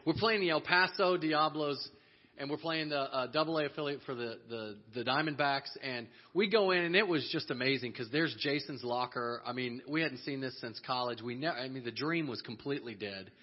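Husky-voiced man telling a lively story. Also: medium pitch, a little fast. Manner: animated, laughs often, acts out the people he quotes. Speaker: speaker telling a story to a church audience. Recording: dull lo-fi audio.

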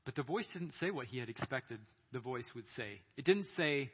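A man preaching at a youth conference, retelling a story with dramatic pauses and acted-out voices. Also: mid-range voice, animated, slightly rough. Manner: dramatic storytelling, acting out quoted prayers and voices. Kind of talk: sermon. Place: large hall. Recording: echoey hall, dull sound.

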